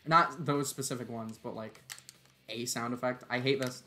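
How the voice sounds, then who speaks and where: A man's voice: medium pitch, steady tone, moderate pace, pushed and bright, a little hiss or hum. Tired man streaming a game. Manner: laid-back, joking, swears, chuckles often. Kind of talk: casual live-stream gaming commentary.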